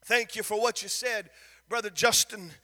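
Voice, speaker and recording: A male pastor preaching a sermon, rising into shouted, sing-song cadences. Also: sits high, fairly even intonation, normal speed, big-room sound.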